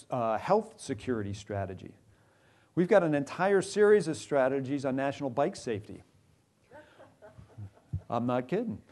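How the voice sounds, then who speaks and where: A middle-aged man from Minnesota, a retired military officer telling wry, joking stories at a university talk. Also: mid-range voice. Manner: wry, joking anecdotes with animated quoted asides. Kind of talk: storytelling public talk. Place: university lounge event.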